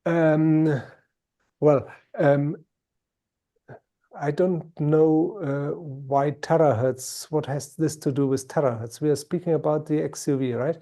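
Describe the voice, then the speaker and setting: A man's voice: fairly high pitch, steady tone, slow pace, mellow. A man with a German accent answering questions after a science talk on a video call, hesitant, with many fillers and "right?" tags. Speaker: invited speaker.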